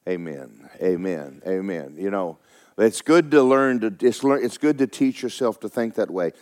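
A middle-aged man preaching a sermon, swinging between loud fervent exhortation and soft asides. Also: on the low side, moderate pace. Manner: animated preaching, rising to near-shouts, then dropping soft. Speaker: pastor.

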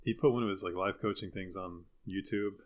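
Wry podcast co-host. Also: male voice, low-pitched, fairly even intonation. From Deep South of the US. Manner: wry, self-deprecating, quick to laugh. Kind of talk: casual chat. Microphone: video call.

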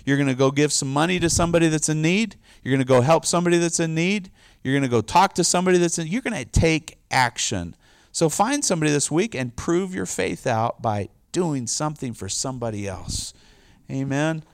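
A man's voice: fairly high pitch, lively intonation, a little fast, no echo. Male pastor, middle-aged, chatty informal sermon, dry close sound. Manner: chatty, loose and informal, with frequent "like" and "you know". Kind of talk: casual conversational sermon.

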